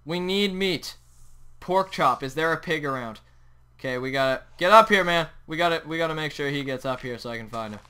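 A young man hosting a Minecraft let's play, talking excitedly over his gameplay and yelping at sudden moments. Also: a little high, brisk, smooth. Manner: excitable, yelps and shouts at the game. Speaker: gaming channel host.

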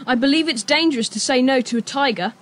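A woman's voice: high-pitched, brisk, natural voice. A woman voicing Julian, a sensible boy who leads the group, in an audio drama. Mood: amused. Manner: calm, reassuring, gently teasing.

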